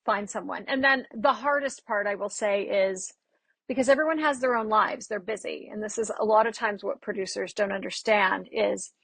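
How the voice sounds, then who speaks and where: A woman who works as a dialect coach, speaking as a guest on a podcast. She tells lively stories and acts out the exchanges she quotes. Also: mid-range voice, normal speed, creaky, husky, dry recording. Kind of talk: casual interview chat.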